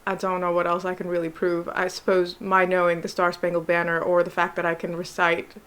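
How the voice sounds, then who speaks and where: A woman's voice: on the low side, completely flat delivery, fairly quick, a bit bright, smooth. A young American woman with a general American accent, a doctor and vlogger chatting to camera, answering claims with exasperated sarcasm. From United States. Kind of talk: casual chat to camera.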